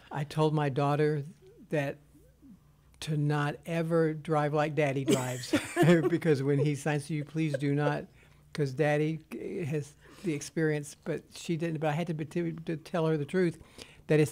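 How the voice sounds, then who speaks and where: This is a man interpreting sign language aloud, speaking in the first person for a deaf guest. His delivery is halting and hesitant. He keeps his pitch fairly level, with little rise and fall. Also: level tone, darkish tone. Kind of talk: interpreting into speech.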